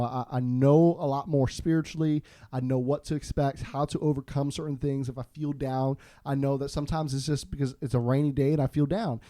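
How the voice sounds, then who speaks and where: A man's voice: fairly high pitch, no echo, studio quality. Chatty man telling a story. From Florida. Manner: animated, self-deprecating, with many restarts. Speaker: guest. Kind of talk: casual storytelling.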